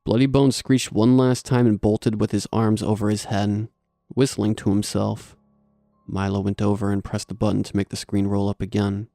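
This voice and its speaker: Gravelly low-voiced male horror narrator. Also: no echo. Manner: steady, measured storytelling.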